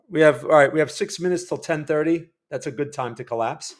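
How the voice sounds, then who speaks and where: A man's voice: a little high, fairly quick, few pauses. A man hosting a live day-trading stream, chatty and rambling as he comments on trades and quizzes his chat. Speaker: day trading livestream host.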